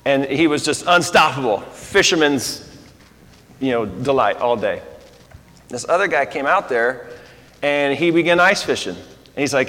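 A man's voice: medium pitch, lively intonation, a little slow, pauses often, fairly bright tone. A man preaching a sermon, joking through a story before turning earnest. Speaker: pastor. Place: air-conditioned church hall. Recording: long hall reverb.

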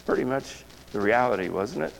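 A man's voice: medium pitch, lively intonation, a little fast, vocal fry. A male pastor preaching a sermon with passion, throwing rhetorical questions at the congregation. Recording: long reverb of a large hall.

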